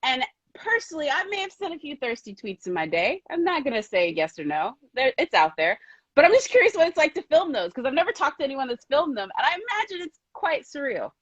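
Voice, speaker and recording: A woman's voice: high voice, big pitch swings, brisk, a bit bright, no echo. A woman hosting an interview, enthusiastic and gushing like a fan, with casual slang. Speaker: interviewer host. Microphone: video call. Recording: dry lo-fi livestream audio.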